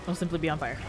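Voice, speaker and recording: A woman streaming a video game live, chatting to her viewers and playfully whining and pleading at the game with frequent laughs. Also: deep voice. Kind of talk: live gameplay stream commentary.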